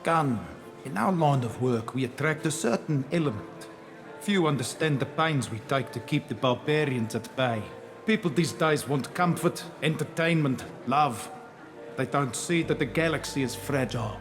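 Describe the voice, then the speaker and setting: An actor playing a grandiose male crime host with a South African accent, speaking in a smooth, lecturing manner. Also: medium pitch, normal speed, close to an everyday voice. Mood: smug. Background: game music.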